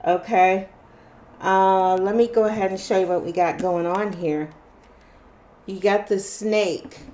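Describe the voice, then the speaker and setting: A woman's voice: medium pitch, fairly even intonation, dark tone. A woman giving a casual tarot card reading to a viewer, often checking in with "okay?". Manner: unhurried, checks in with frequent "okay?". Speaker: tarot reader.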